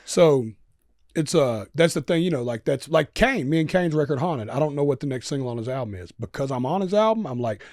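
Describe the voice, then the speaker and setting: A man, an animated storyteller who swears freely and acts out quotes in a casual interview. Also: a little high, brisk, no echo, studio quality. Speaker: guest musician.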